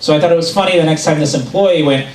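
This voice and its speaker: A man performing a stand-up comedy set, telling stories in an animated way and acting out what people said. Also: on the high side, quick pace. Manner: animated storytelling, acts out quotes. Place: club stage before a laughing audience. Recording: roomy live club recording, mic at a distance.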